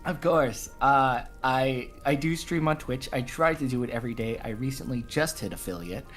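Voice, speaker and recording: Super deep-voiced woman, calm and polite, faint music under it. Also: normal speed. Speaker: VTuber streamer, guest. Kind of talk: casual chat.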